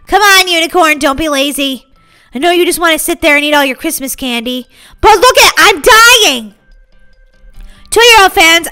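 A bubbly, excitable woman talks her fans through a video game, with a very high voice. Her tone is bright and sharp. Faint music plays behind her. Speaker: gaming channel host. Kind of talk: playing a video game and commenting.

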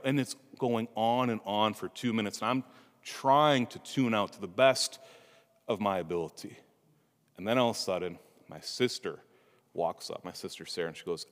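A priest giving a homily, telling a humorous family story with asides to the congregation, in a church. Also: male voice, fairly low pitch, moderate pace. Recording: reverberant church hall.

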